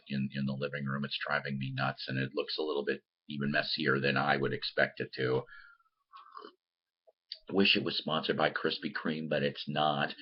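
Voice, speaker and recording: A man with a very deep, husky voice talks casually to his viewers from a room at home, wandering from point to point and restarting his sentences. The sound is dull and lo-fi, like a simple home recording. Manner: rambling, repeats words and restarts, addresses viewers as guys. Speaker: host of a record-collecting show. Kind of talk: casual chatty monologue to viewers.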